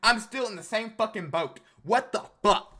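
A man with a very high, bright, piercing voice rants through his gaming session. His talk is full of cursing, frustration and sudden yelled outbursts, and it has the tone of casual gaming commentary. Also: animated, normal speed, faint music behind. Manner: profane, frustrated ranting; loud outbursts and yelling. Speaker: gaming video creator.

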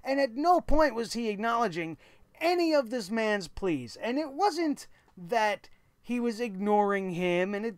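A man's voice: high-pitched, clear, resonant tone, no room sound. A man hosting a wrestling review show, giving blunt, opinionated commentary with casual swearing.

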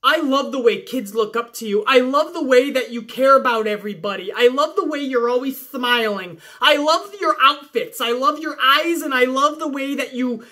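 A woman's voice: high voice, moderate pace, few pauses, bright, forceful tone. A woman reading out a woman wrestler's lovestruck confession in a mocking, gushing tone, close to her own voice.

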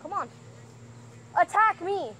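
A woman's voice: very high voice, lively intonation, takes it slowly, sharp tone, a little hiss or hum. A young woman vlogging at home in a casual, playful, teasing way. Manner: playful, teasing trash talk. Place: house, indoors and outside.

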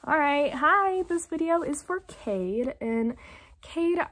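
A teenage girl records an affectionate farewell, chatty and bubbly with plenty of filler words. Her voice sits fairly high. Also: lively intonation, takes it slowly, fairly bright tone. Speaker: theater student.

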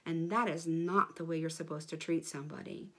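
A woman's voice: low-pitched, steady tone, a little fast. A woman leading a children's church lesson, speaking in an encouraging way to kids.

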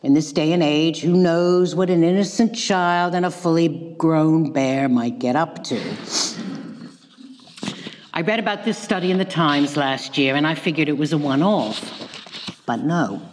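A woman giving a public lecture, telling a tale with dry, ironic, deadpan asides. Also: low voice, measured pace, in a large hall, slight background noise. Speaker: guest lecturer. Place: lecture hall.

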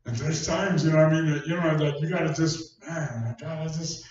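A man's voice: fairly high pitch, steady tone, fairly quick, a little mellow. A man preaching a sermon, telling a personal story in a folksy, conversational way. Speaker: pastor. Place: church hall. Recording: distant echoey church recording, dull sound.

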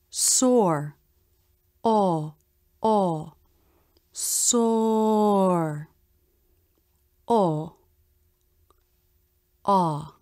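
A woman explains mouth positions at a deliberately slow pace, pausing to model each vowel. Her voice sits at an ordinary pitch. The sound is dry and close, with no room around it. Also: darkish tone, no room sound. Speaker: pronunciation teacher. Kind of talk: scripted instructional narration.

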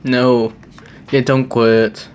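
A streamer with a medium-pitched, level, slightly mellow voice speaks very slowly while playing a horror game live. The commentary mixes jokes and sudden exclamations with chat to viewers.

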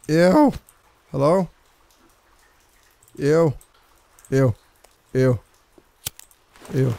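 A man's voice: mid-range voice, gravelly, darkish tone, dry recording. Jumpy, squeamish man playing a game. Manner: jumpy, crude, lots of squeamish "ew" reactions and swearing. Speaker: let's play gamer. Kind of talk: gameplay commentary.

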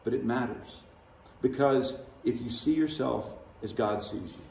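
Pastor guy giving a sermon, kinda gravelly, roomy church sound w faint hum. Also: medium pitch, measured pace, a little mellow. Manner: conversational preaching with dramatic voiced quotes. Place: large church sanctuary. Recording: echoey church hall from far off.

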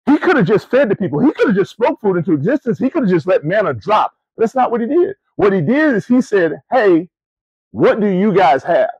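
A middle-aged man preaching a sermon in an animated, conversational storytelling style, calling his listeners family and y'all, with rising emphatic questions. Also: high-pitched, fast talker, few pauses, breathy edge, no room sound, dull audio. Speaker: preacher and camp ministry CEO. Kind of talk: sermon to student athletes.

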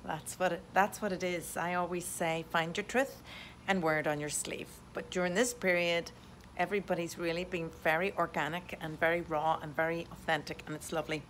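A European woman realtor records an upbeat video update at home on a USB desktop condenser mic. Her voice is fairly low, steady, brisk and a bit bright, with slight background noise, and she's enthusiastic and positive, using many "uh" fillers.

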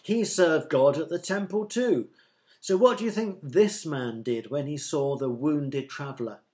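A man voicing Jesus as a gentle, firm storyteller in a children's Bible story. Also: a little high, a little slow, close to an everyday voice. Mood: storytelling. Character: kindly calm male storyteller teacher Jesus.

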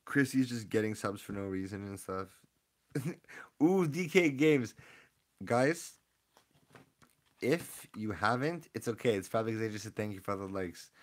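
A young man streaming live as he opens card packs, chatting casually and rambling excitedly as he gives shout-outs to viewers. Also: on the low side. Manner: excitable, rambling, hypes up the audience.

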